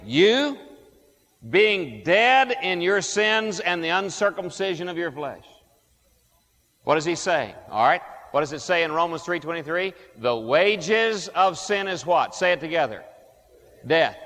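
A male pastor preaching a sermon in a church, asking the congregation questions and stressing key words slowly. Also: fairly high pitch, fairly bright tone. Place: church sanctuary. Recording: long hall reverb.

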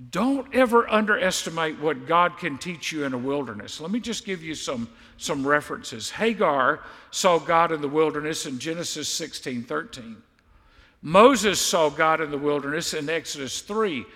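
A man's voice: fairly high pitch, bright, forceful tone, long reverb tail. A man preaching a sermon as pastor, stressing and repeating key words for emphasis.

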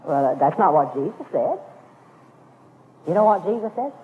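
A man's voice: high voice, very animated, moderate pace, a little hiss or hum. A man preaching a sermon to a congregation, emphatic and repeating his key phrases. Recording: phone-like lo-fi radio broadcast with long reverb.

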